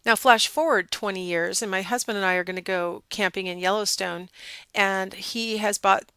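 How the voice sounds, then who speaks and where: A middle-aged woman giving a casual psychology lecture, telling a personal story with lively, animated quoting. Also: medium pitch, normal speed, smooth, dry recording.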